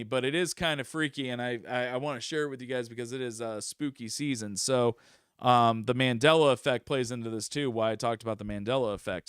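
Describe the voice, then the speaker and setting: A young man telling a spooky story in a casual, conversational way, swearing freely and pausing with fillers. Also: mid-range voice, fairly bright tone, clean tone, no room sound, clean studio sound. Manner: conversational, swears often, many fillers and restarts. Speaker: storyteller host.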